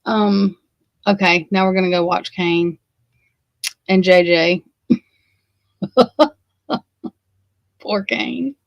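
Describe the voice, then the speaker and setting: A woman's voice: lowish voice, steady tone, slow pace, creaky, pauses often, no room sound, highs cut off. Rambling, profane woman with an Alabama accent. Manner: rambling and profane, with frequent swearing. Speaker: host. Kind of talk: casual chat.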